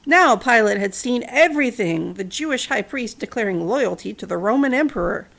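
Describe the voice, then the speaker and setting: A woman's voice: fairly high pitch, animated, normal speed, vocal fry, a bit bright. A woman casually retelling a Bible story, mixing narration with chatty, wry asides and fillers.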